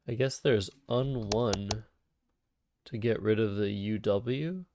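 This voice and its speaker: A man's voice: fairly low pitch, slow pace, noisy background. A man streaming a word game, thinking aloud and muttering candidate words in casual live commentary. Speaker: streamer playing word games.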